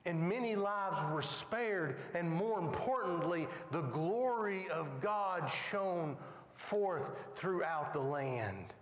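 A man's voice: sits high, expressive, slow. A man teaching a Bible lesson with dramatic, emphatic storytelling, recorded in a church. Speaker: Sunday school teacher. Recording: echoey hall with long reverb.

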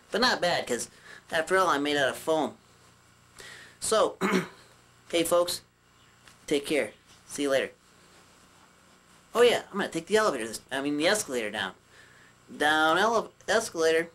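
A man's voice: on the high side, expressive, moderate pace, long pauses, a bit bright. A man casually teaching puppetry with chatty asides and a few slips of the tongue. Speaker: puppetry instructor. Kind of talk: puppet instruction skit.

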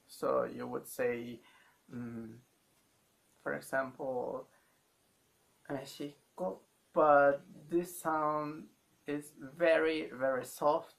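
A man teaching a language lesson, speaking slowly and haltingly and repeating each sound many times for learners. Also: fairly high pitch, little pitch movement, vocal fry. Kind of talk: slow spoken language lesson.

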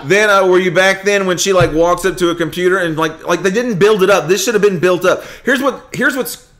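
A man's voice: high voice, fairly quick, a bit bright. Rambling young man retelling movie scenes. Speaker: podcast host. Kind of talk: casual movie review chat.

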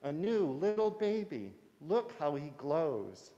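A man voicing an excitable little fairy in a high, delighted voice, recorded in a reverberant hall. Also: a little slow, highs cut off, lightly acted. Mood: excited.

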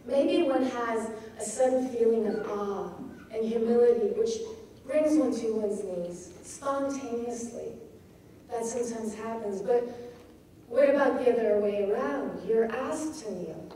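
A woman with a fairly high, mellow voice gives a relaxed talk on the rhythm of poetry. She speaks thoughtfully and often stops to find the right word. She is recorded from a distance in a very echoey room with faint background noise. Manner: thoughtful, pauses to search for words. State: feeling cold. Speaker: poetry teacher. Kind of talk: informal lecture on poetry.

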